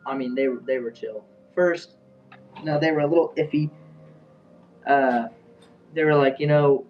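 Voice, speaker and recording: A man's voice: a little high, steady tone, unhurried, pauses often, soft background music. A young man casually telling a story, rambling with fillers and restarts. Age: young adult. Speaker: vlogger. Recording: dull sound, a bit far from the mic.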